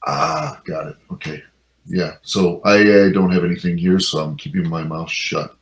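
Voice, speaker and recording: Casting: male tabletop player, extremely low voice, hesitant thinker. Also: steady tone, normal speed, rough recording. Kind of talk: casual tabletop chat.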